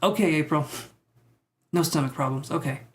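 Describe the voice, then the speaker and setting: A man giving psychic tarot readings on a live stream. He talks in a tentative, musing way, thinks out loud with many fillers, and reassures his viewers. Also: a little high, normal speed. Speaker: tarot reader.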